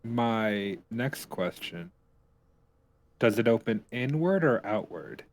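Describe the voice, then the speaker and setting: A man's voice: lowish voice, animated, slow, no room sound. A man playing in a tabletop game, casual and joking. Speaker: player.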